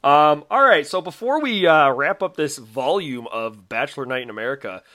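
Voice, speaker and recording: A man's voice: on the high side, expressive, moderate pace, pushed and bright, dry recording, studio quality. A man co-hosting a podcast in casual chat, laughing often and quoting others. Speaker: podcast co-host.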